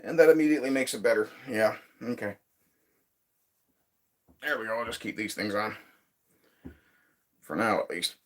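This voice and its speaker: Streamer, male, low voice, loose and sweary, chuckles often, reads chat aloud. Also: moderate pace, pauses often. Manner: laid-back and profane, with frequent chuckles. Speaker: livestream host reading viewer chat. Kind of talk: casual rambling chat. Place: woodshed.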